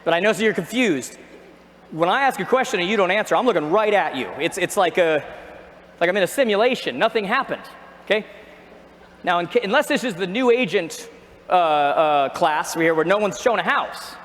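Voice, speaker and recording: A man giving an energetic seminar talk on a stage, asking the audience questions and joking with them. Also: sits high, fairly quick. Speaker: real estate trainer. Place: large arena. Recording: echoey arena with long reverb.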